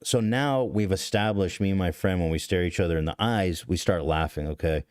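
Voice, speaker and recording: A man with a low, deep voice tells a confessional story on a podcast. He rambles, swears freely and cuts himself off mid-sentence. The sound is close and dry. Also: a little fast, darkish tone, dry recording. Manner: rambling, profane, self-interrupting. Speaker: podcast host.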